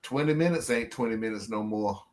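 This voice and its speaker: A man's voice: fairly low pitch, fairly quick, crowd noise. A man in a casual group chat over a video call, telling stories with animation and acting out what others said. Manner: animated storyteller, acts out others' lines.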